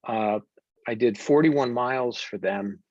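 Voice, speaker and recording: An American man, a wellness coach, telling stories earnestly and deliberately in an interview, with frequent fillers. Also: medium pitch, darkish tone, no room sound. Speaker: wellness coach and podcast guest. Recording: dull dry remote audio.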